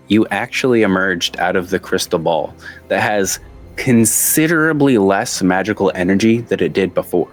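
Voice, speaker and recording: A man narrating as game master in a tabletop game, lively and quick to laugh. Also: low-pitched.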